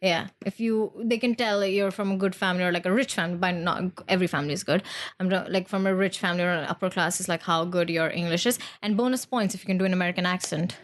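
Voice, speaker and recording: Woman with an Indian accent, podcast co-host, lively casual chat, slips into quoted voices. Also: on the low side, fast. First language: Hindi. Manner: animated, acts out quoted voices.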